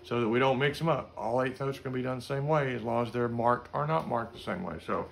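A man's voice: mid-range voice, fast, gravelly, slight background noise. A middle-aged man teaching a music lesson in a casual way, singing note syllables to show how passages should sound. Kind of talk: instrument lesson.

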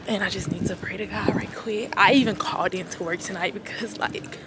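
A young woman talks straight to her handheld camera in a loose, chatty vlog. She keeps calling her viewers y'all, at an everyday middle pitch. Loud background noise runs under her voice the whole time. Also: steady tone, moderate pace, few pauses. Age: young adult. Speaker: college student vlogger. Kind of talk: casual vlog narration to camera.

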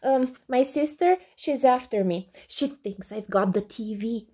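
A woman voicing an excitable, panicky young boy with high-pitched, breathless outbursts in a read-aloud storybook. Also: a little slow. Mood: flustered.

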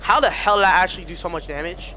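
A young man streaming a shooter game, reacting loudly, swearing often and yelping when surprised. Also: high voice, quick pace, noisy background. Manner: excitable, swears a lot, yelps and shouts in reaction. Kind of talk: live gameplay commentary.

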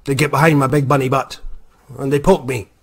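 A Scottish man and author telling a comic story to camera in a wry, animated way. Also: mid-range voice, fairly quick. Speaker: vlogger, author.

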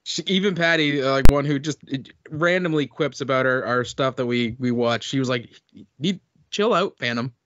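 A man's voice: mid-range voice, steady tone, a little fast, few pauses, fairly bright tone, dull audio. Wry man co-hosting a podcast. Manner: wry quips. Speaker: podcast co-host. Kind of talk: casual podcast chat.

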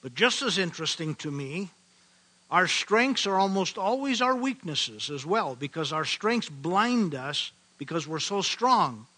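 An older man from the American Midwest preaching a sermon, earnest and emphatic, slowing to stress key phrases. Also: sits high, sing-song, bright, forceful tone, rough recording. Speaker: pastor.

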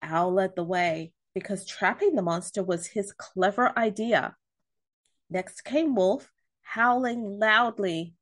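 A woman reading a picture book aloud to children, gentle and expressive. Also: mid-range voice, takes it slowly. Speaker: storyteller.

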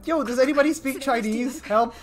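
A man from Colombia giving chatty, excitable gameplay commentary on a live stream, joking at his own expense and talking to viewers. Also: very high-pitched, brisk. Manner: excitable, chatty, self-mocking, talks to chat. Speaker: game streamer. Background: faint game music.

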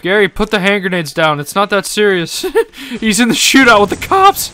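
A male gaming YouTuber doing casual play-by-play commentary. His voice sits a little high with a bright, forward tone. He jokes constantly and gets excitable. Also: clean tone. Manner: joking, excitable, quick laughs.

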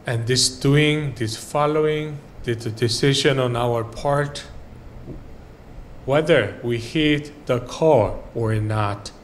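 A male pastor delivers a sermon in a slow, deliberate cadence at an ordinary middle pitch. His phrases often fade to a quiet close. A faint hiss of background noise sits under the recording. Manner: slow, earnest preaching with soft trailing phrase endings. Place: church sanctuary.

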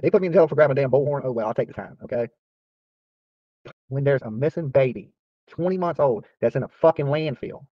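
A man's voice: medium pitch, no room sound. A man hosting his channel, ranting casually to viewers in a boastful, profane, trash-talking way. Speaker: YouTube channel host. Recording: dry, slightly dull lo-fi sound.

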